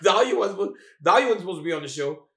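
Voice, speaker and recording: A man's voice: sits high, lively intonation, rapid-fire, over a noisy crowd. A man co-hosting a fight talk show over a video call from a hotel, teasing and joking in a loose, repetitive way. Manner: playful, teasing, repeats himself, laughs often. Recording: echoey room.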